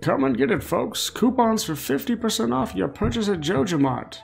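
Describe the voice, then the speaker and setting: A man's voice: high-pitched, big pitch swings, moderate pace, gravelly, faint music behind, pitched above the performer's own voice, heavily acted. A man voicing a pompous, hammy male store manager with a showy stage-actor delivery. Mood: grandiose.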